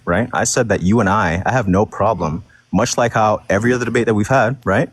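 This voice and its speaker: Deep-voiced male debater, argumentative and insistent, dry close recording. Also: slightly rough, no room sound. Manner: repetitive, combative, talks over others. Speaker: debate guest. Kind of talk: heated online debate.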